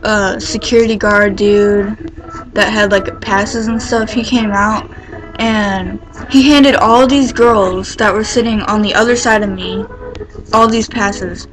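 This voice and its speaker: A woman telling a story in a casual vlog, rambling and excitable, filling her pauses with "like" and swearing casually as she gets worked up. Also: mid-range voice, music in the background, rough recording. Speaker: vlogger.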